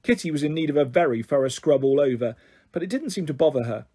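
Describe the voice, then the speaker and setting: A man reading a children's novel aloud in expressive storytelling narration. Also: a little high, quick pace, slightly rough.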